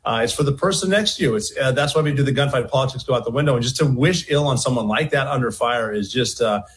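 Earnest, halting male veteran. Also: medium pitch. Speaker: military veteran guest. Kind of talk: played interview clip.

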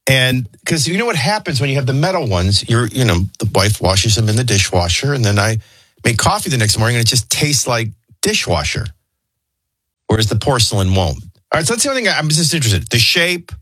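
Man, middle-aged, radio host, casual joking banter, bright forceful tone. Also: mid-range voice, very animated, fairly quick, breathy edge, no room sound. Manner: chatty, joking, drifts from news to anecdotes.

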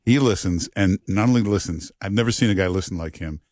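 Emphatic radio host, low voice, close dry studio sound. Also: male voice, fairly quick, dry recording. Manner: emphatic, repetitive. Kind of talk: talk radio chat.

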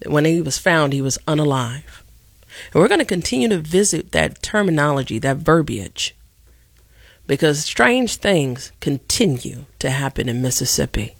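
A middle-aged woman from Chicago hosting a solo radio talk show, speaking with impassioned, deliberate emphasis like a preacher. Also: low voice, dry recording, studio quality.

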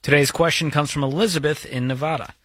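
A man's voice: a little high, steady tone, quick pace, a bit bright, dry recording. A man co-hosting a call-in money advice show, chatty and upbeat, with a folksy way of giving advice. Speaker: radio advice show co-host. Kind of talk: casual call-in advice chat.

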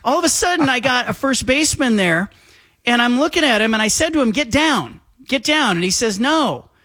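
High-voiced man telling an animated story. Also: quick pace, dry recording, studio quality. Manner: animated, acts out quoted voices. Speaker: guest. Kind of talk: casual storytelling.

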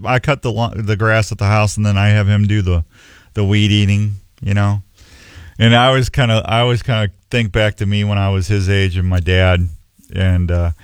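A man's voice: on the low side, clean tone, no room sound, clean studio sound. A middle-aged man hosting a show in a rambling, folksy, self-mocking way. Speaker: radio show host. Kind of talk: casual on-air chat.

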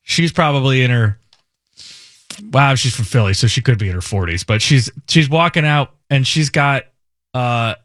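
A man hosting a radio show, talking in a lively, swinging voice that rises and falls a lot. He jokes and laughs easily. The sound is close and dry, with no room around it. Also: mid-range voice, normal speed, no echo. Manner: animated, joking, laughs often. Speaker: radio host. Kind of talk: casual radio banter.

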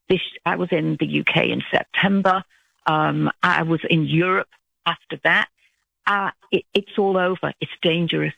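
Gravelly British woman on a phone line. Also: on the low side, dry recording. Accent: British English. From Britain. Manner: earnest, alarmed, halting with repeated restarts. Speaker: caller. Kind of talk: phoning in to a radio show. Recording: dull phone-line call audio.

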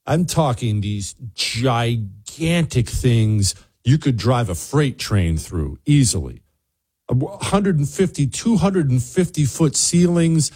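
A man hosting a show, telling a lively anecdote in casual chat and acting out the people in it. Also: medium pitch, breathy edge. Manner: animated anecdote telling, voices other people in quotes. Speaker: radio show host.

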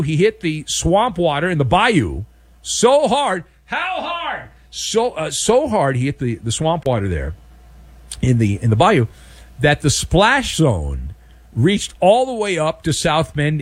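A man's voice: on the high side, dry recording. A man hosting a sports talk show, delivering a sarcastic, opinionated monologue and acting out mock exchanges. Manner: animated, sarcastic, acts out mock dialogue.

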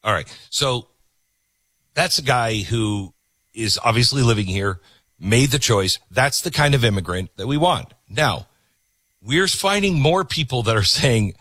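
A man's voice: medium pitch, expressive, unhurried, fairly bright tone, no room sound. A man hosting a show, giving emphatic commentary on video clips he plays. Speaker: host.

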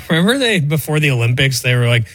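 A man's voice: medium pitch, sing-song, brisk, fairly bright tone, slightly rough, dry recording. A man co-hosting a sports radio show, casual and joking. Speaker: show co-host.

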